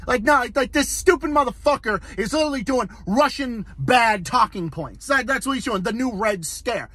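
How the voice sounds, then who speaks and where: A man with a fairly high voice delivers a solo rant, swearing constantly and circling back over the same points. The recording is close and dry, with no room sound. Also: expressive, moderate pace, a bit bright, no echo. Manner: heated, profane, repeats himself. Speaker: political commentary host. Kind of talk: angry solo political rant.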